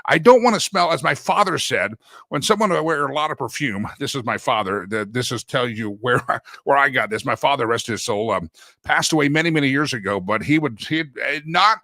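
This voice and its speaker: A man's voice: medium pitch, lively intonation, fairly quick, pushed and bright, no echo. A middle-aged man from Texas hosting a talk show, rambling and joking in casual chat. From Deep East Texas. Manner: rambling, joking, self-interrupting.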